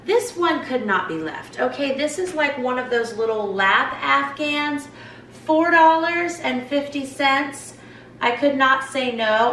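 A woman's voice: a little high, fairly bright tone, a little hiss or hum. A woman in her forties, a mom showing off her thrift store finds at home in a chatty, gushing, rambling way. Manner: gushing, enthusiastic, rambling asides. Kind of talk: chatty haul vlog. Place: at home, in a sitting area. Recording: roomy echo, voice heard from a distance.

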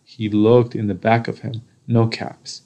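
A man reading a children's picture book aloud, slow and deliberate with pauses. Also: fairly low pitch, flat delivery, mellow. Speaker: storybook reader. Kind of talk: children's story read-aloud.

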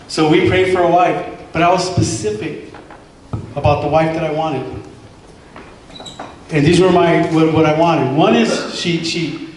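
A man's voice: fairly high pitch, a little slow. A man in his forties giving an earnest personal testimony to a congregation, repeating himself and acting out quoted dialogue, recorded from a distance in a large church hall. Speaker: former member giving testimony. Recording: echoey hall from far off, faint hiss.

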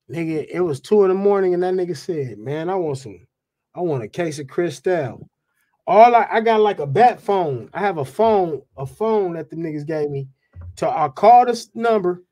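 Man, high-pitched voice, guest rapper, profane animated storytelling, casual. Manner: profane, animated, repeats "you know what I'm saying".

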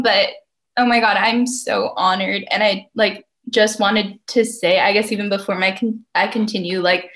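A woman's voice: medium pitch, steady tone, normal speed, a bit bright. A young woman giving a tearful, rambling acceptance speech, full of "like" fillers. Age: young adult. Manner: emotional, rambling with many "like" fillers. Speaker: youth poet laureate.

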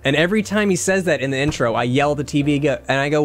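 A man's voice: a little high, expressive, racing, hardly any pauses, faint music behind. A man streaming a game, chatting casually with his viewers, swearing and laughing at his own jokes. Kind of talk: casual live-stream chat over gameplay.

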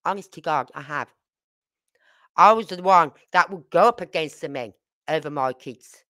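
Brummie woman, middle-aged, lowish and forceful, blunt swearing storyteller talking to camera. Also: moderate pace. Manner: blunt, salty, tells stories with acted quotes. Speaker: channel host.

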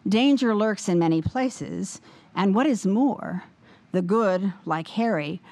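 A woman's voice: medium pitch, expressive, darkish tone. Woman with a slightly wobbly voice. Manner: measured, deliberate, with many fillers when answering. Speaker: guest lecturer. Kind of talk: formal lecture, then audience Q&A.

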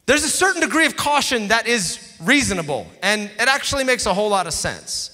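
A male pastor preaches emphatically and conversationally. His voice is fairly high, swings widely, and rings bright. A long reverb from a large hall follows every phrase. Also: big pitch swings, a little fast, hardly any pauses. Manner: emphatic, conversational, with dramatic drops to near-whispers. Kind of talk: sermon. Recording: echoey hall.

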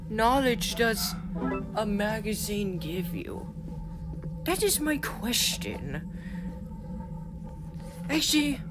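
A woman commentating a video game in a chatty, rambling, easily excited way. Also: medium pitch. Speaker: gamer. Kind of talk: let's play commentary. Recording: loud game music behind.

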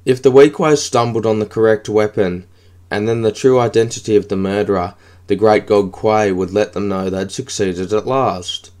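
A man narrating an audiobook in a steady, even reading. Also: on the low side, normal speed.

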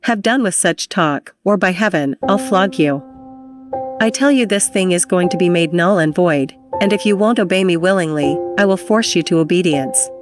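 A woman's voice: on the low side, moderate pace, music in the background, lightly acted. A woman reading the part of a stern, wealthy older father who speaks in a hard, cold, threatening way.

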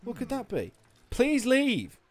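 Excitable sweary gamer. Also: male voice, extremely high pitch, takes it slowly. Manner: excitable, sweary, bursts of shouting and laughter. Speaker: streamer. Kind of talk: live gameplay commentary.

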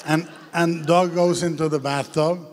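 A film director as interview guest, telling lively anecdotes with frequent hesitations, on the stage of a large hall. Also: male voice, on the high side, a little slow. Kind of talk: onstage festival interview. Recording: long hall reverb.

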